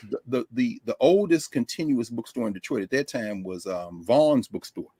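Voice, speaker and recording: A man being interviewed as a guest scholar over a remote call, telling stories in an animated way and acting out the voices of people he quotes. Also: medium pitch, normal speed. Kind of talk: storytelling interview talk. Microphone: remote call microphone.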